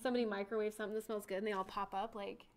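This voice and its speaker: A woman giving a chatty software lesson, talking through each click and keystroke as she demonstrates. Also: mid-range voice, level tone, rapid-fire. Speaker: CAD instructor.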